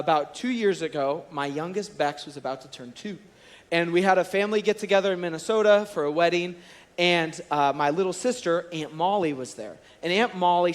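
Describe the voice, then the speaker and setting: Storytelling young pastor in a reverberant hall. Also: male voice, on the high side. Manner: storytelling, animated and conversational. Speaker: college and students director. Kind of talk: sermon. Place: large church auditorium.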